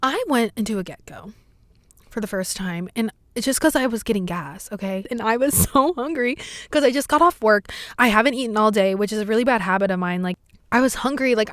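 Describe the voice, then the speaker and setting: A young woman hosting a podcast, telling stories in casual chat, animated, swearing often and breaking into loud exclamations. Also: fairly high pitch, no room sound, clean studio sound. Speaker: podcast host.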